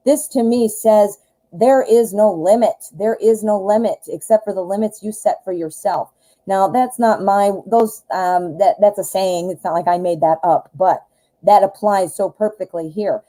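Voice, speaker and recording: Chatty woman reading tarot, mellow voice. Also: mid-range voice, low-quality recording. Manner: chatty and enthusiastic, talks straight to the viewer. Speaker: tarot reader hosting a live show. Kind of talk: live-stream tarot reading.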